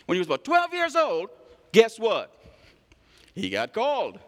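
Animated high-voiced male preacher. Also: measured pace, vocal fry. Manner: animated, calls for responses, acts out stories. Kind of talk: sermon. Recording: long hall reverb.

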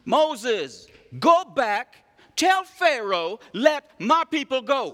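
A man voicing an insistent divine voice that gives slow, firm commands, in a hall with long reverb. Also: very high-pitched, sing-song, pushed and bright, full character voice. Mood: commanding.

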